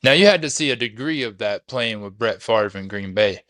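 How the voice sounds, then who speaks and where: A man's voice: on the low side, lively intonation, normal speed, a bit bright, dry recording, studio quality. A man hosting a casual interview, loose and conversational, often repeating himself. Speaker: interview host.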